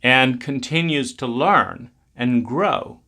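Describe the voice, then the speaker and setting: Bright-voiced man giving a rambling talk. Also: medium pitch, slow. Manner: rambling, many restarts and fillers. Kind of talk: reflective spoken talk.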